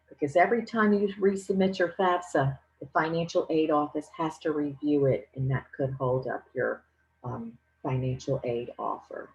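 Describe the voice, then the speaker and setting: Low-voiced woman explaining step by step. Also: a little mellow, dull audio. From Louisiana. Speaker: financial aid presenter. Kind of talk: instructional presentation.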